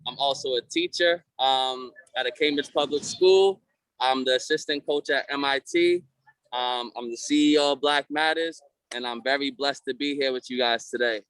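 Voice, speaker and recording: A man's voice: mid-range voice, normal speed, a bit bright, clean tone, no room sound. A young man with a Boston accent, performing rhymed spoken-word verses with a confident, rhythmic delivery and hyping up his audience on a video call. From Massachusetts, US. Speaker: featured poet and recording artist.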